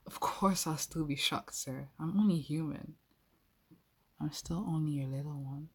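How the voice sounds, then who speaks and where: A woman's voice: low-pitched, measured pace, darkish tone, husky. A young adult woman telling an intimate first-person role-play story, playful and speaking straight to the listener.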